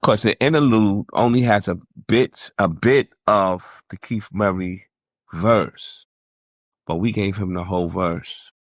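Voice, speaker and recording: A man from New York, a music producer guest, calmly recalling stories in a casual interview. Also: on the low side, slow pace, dry recording, studio quality. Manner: laid-back, reflective recollection.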